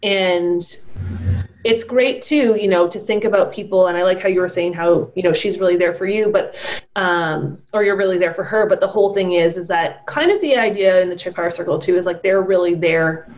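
A woman co-hosting a podcast who coaches nutrition, talking in an encouraging, steady flow. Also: fairly low pitch, fairly quick, highs cut off. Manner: encouraging, talks in a steady flow with "you know" fillers. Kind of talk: casual chat.

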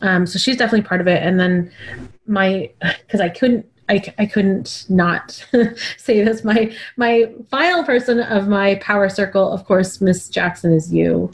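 A woman's voice: medium pitch, unhurried. Chatty woman podcast co-host. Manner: chatty, lots of "like" fillers, emotional. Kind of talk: casual chat.

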